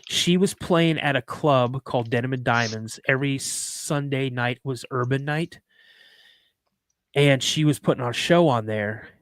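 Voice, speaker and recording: On a live podcast, the host's mid-range voice moves a little slowly with no room sound. He tells loose, rambling anecdotes, often starting over and repeating words.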